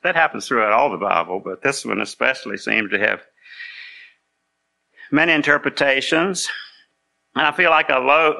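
A male pastor with a heavily gravelly, rough voice that carries a tense, sharp edge. He explains his points in a patient, conversational way. He pauses now and then to make sure the congregation is following. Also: medium pitch. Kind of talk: conversational sermon.

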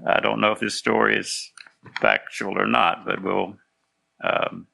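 A man's voice: on the low side, steady tone, a little slow, gravelly, bright, forceful tone. A man preaching a sermon, telling a story in an earnest, folksy way.

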